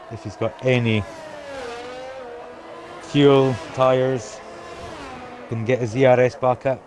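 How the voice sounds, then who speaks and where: A man commentating a live sim race, calling positions and reading chat aloud. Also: mid-range voice. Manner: play-by-play calls, reads out chat.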